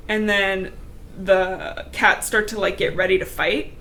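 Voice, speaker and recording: A woman's voice: medium pitch, fairly even intonation, unhurried, fairly bright tone. A young woman hosting a podcast from home, casually recapping a book with laughs and blunt swearing asides. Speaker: podcast host.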